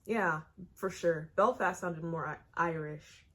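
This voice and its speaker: A woman's voice: lowish voice, slow pace, a bit bright. Chatty American woman reacting casually. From United States. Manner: chatty, exclaiming, asks questions aloud. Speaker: reaction video host.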